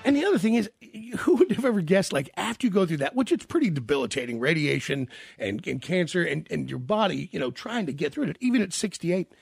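Gravelly, lively radio host. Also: male voice, on the high side, fast talker, dry recording, clean studio sound. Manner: conversational, rambling questions. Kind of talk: casual interview.

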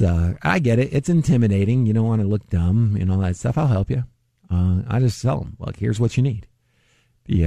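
A man's voice: mid-range voice, a little mellow, no echo, clean studio sound. A man hosting a finance radio show, talking casually and laughing often at his own jokes. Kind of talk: casual solo talk.

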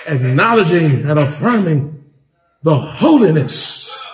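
A man preaching a sermon as pastor in a church, with rising rhythmic emphasis that builds to shouts. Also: a little high, big pitch swings, slow pace. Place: church sanctuary.

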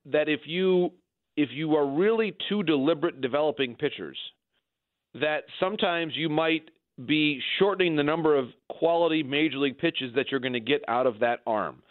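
A man giving measured baseball analysis in a conversational way, often restarting his sentences. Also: on the high side, dry recording. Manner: measured, frequent restarts and repeated words. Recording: dry, phone-like line.

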